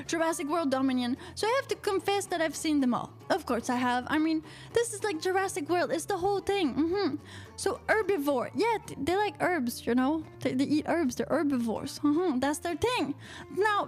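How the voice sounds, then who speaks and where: A woman with a very high voice and a Quebec French accent hosts a live-streamed radio chat show. She talks playfully and theatrically, answering viewer comments and dropping in constant uh-huhs and mm-hmms. Faint music plays under her voice. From Quebec, Canada.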